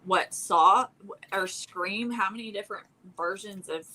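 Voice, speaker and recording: A woman's voice: mid-range voice, unhurried, sharp tone, low-quality recording. A woman guest chatting casually, hesitant and full of fillers. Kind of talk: casual chat.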